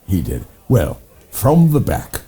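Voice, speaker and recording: English man, low and mellow, lively delivery, deadpan rambling raconteur for comedy chat. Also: slow, breathy edge. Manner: rambling, deadpan tall tales told with relish. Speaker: co-host playing a gentleman's club character.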